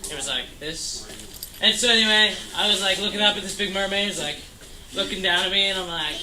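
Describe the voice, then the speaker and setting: A man's voice: high-pitched, a little fast, a crowd in the background. A young man in his late teens telling a rambling, jokey tall tale in a camp cabin, full of fillers. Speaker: storyteller. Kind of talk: rambling comic storytime. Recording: echoey room with background noise.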